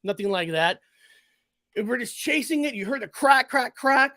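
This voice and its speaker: Animated, profane man telling a story. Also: extremely high pitch, moderate pace, dry recording. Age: 40s. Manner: animated, profane, restarts and self-corrections. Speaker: guest. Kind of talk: casual storytelling.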